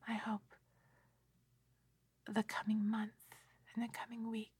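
A tired middle-aged woman in a soft, rambling, gently self-mocking whispered ASMR ramble, close to the microphone. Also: on the high side, completely flat delivery, slow, breathy edge, dry recording. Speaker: ASMR creator.

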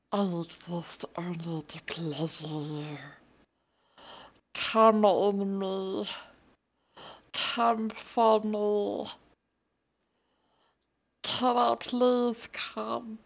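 A creepy, hissing male cave creature, put on by a woman for a comic impression. The voice is husky and breathy, and it often sinks into slow, drawn-out whispers. Every line is stretched out at a very unhurried pace. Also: a little high, voice pushed up, heavily acted.

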